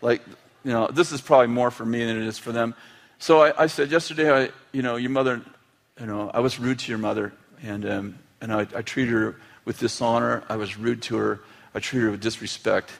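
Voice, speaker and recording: A man's voice: mid-range voice, fairly even intonation, brisk, creaky. A middle-aged man preaching a sermon, telling family stories and acting out their quotes with humor. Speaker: pastor.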